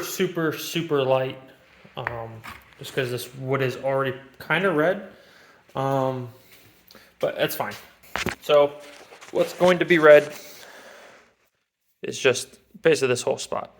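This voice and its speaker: A man's voice: mid-range voice, vocal fry, a little hiss or hum. A man narrating his woodworking project in a rambling, casual way, talking to himself as he works. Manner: drops into a hushed whisper while doing delicate work. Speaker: woodworking vlogger. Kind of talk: casual talk while working.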